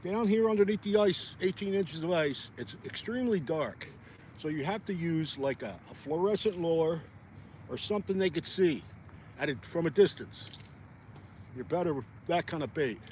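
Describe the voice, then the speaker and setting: Vlogging outdoors on a frozen lake, a folksy, talkative man addresses his viewers in a relaxed way. He speaks at normal speed in a slightly high, expressive voice over slight background noise.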